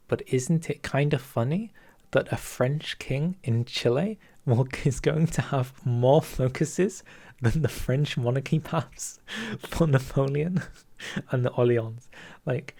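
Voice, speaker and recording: Male gaming creator, mid pitch, excitable preview commentary with chuckles and hushed asides. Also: a little slow.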